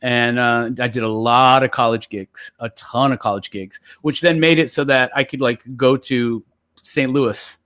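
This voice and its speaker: A man telling stories in relaxed, casual chat as a guest poet, with lots of fillers. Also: medium pitch, a little slow, dry recording, clean studio sound. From San Jose area. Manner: relaxed, chatty storyteller with many fillers.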